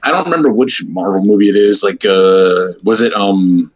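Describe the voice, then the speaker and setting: A man's voice: on the low side, normal speed. A man co-hosting a casual pop-culture podcast, talking hesitantly with many fillers. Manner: hesitant, filler-heavy, easily amused. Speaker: podcast co-host.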